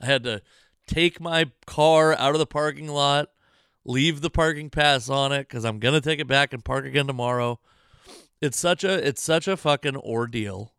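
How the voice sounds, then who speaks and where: A man's voice: medium pitch, moderate pace, a bit bright, smooth, no room sound, clean studio sound. Exasperated, swearing man ranting to his mic. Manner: exasperated, profane, rambling. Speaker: comedian and podcast host. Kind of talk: casual self-deprecating monologue.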